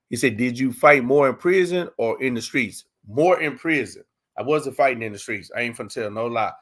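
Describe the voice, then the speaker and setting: A livestream host with a Texas accent runs a casual Q and A in loose street slang, saying "you know what I'm saying" a lot. His voice is mid-range and a bit bright.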